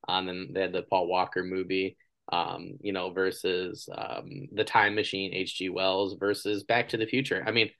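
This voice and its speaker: A low-pitched man in his thirties hosts an interview podcast, talking at a normal speed. His style is casual and animated, and he acts out the people he quotes as he tells his stories.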